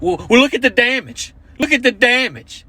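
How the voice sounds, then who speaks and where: A man's voice: extremely high pitch, animated, normal speed, pushed and bright, voice pushed up, full character voice. A man putting on the voice of an irate adult woman driver, shrieking and accusing. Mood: shrill.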